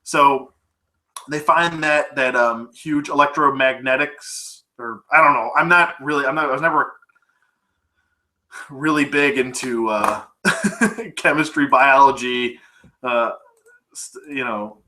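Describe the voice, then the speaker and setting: Bright-voiced rambling movie reviewer man. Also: medium pitch, takes it slowly, long pauses. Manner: rambling, laughing, profane, full of fillers. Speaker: film reviewer. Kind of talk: casual movie recap.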